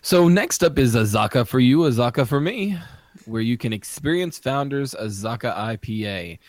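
A man's voice: medium pitch, expressive, moderate pace, darkish tone, dry recording. A man co-hosting a casual podcast, explaining things in an upbeat tone. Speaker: podcast co-host. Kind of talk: casual chat.

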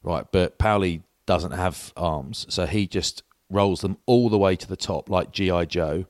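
Low-voiced man telling a story. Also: unhurried, no room sound, clean studio sound. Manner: animated anecdote telling with mimicked voices. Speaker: podcast co-host. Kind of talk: casual chat, storytelling.

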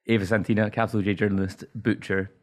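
Scottish male podcast host, low voice, dry jokey banter. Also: level tone, quick pace. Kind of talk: casual chat.

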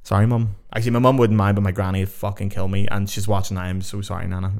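A man's voice: fairly low pitch, level tone, fast talker, gravelly, darkish tone. A young Irish man hosting his own podcast, talking casually and rambling, swearing freely. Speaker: podcast host. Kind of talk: casual solo podcast chat.

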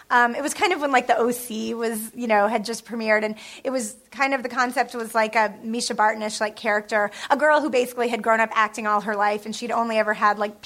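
A woman's voice: a little high, a bit bright. A woman television writer telling stories on a panel in a chatty, self-deprecating way, laughing often and using lots of fillers. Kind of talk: casual storytelling on a panel.

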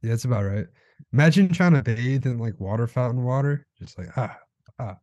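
A young man co-hosting a podcast, laid-back and sarcastic, delivering jokes deadpan. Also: mid-range voice, brisk, no room sound, clean studio sound. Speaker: podcast co-host. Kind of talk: crude casual banter.

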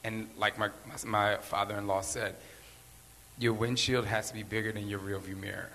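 A man's voice: fairly low pitch, level tone, moderate pace, pushed and bright, slight background noise. Earnest rambling man in a reverberant hall. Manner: earnest, rambling, repeats phrases for emphasis. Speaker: podcast host. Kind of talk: candid motivational talk.

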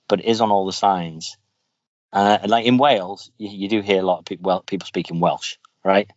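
Low-voiced guy rambling on his podcast, dry muffled sound, bit of music under. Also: fairly even intonation, normal speed, no room sound. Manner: rambling, storytelling with many restarts. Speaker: podcast host. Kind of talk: casual chat. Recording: dull lo-fi, faint music.

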